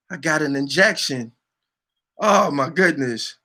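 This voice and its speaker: Animated New man ranting. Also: sits high, a little slow. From New York City. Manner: animated, profane street slang, repeats phrases. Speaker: online show host. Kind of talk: casual vlog rant.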